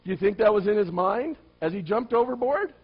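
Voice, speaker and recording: High husky preacher man. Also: expressive, brisk. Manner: asks the listeners many rhetorical questions; swings from loud emphatic lines to low quiet asides. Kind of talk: sermon. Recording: dull lo-fi recording.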